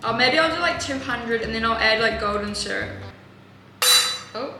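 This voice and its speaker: A woman's voice: on the high side, moderate pace, reverberant, loud music behind the voice. A young woman from New Zealand with a New Zealand accent, chatting offhandedly and jokingly while she bakes for a cooking vlog. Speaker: cooking vlogger. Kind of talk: casual cooking vlog chat.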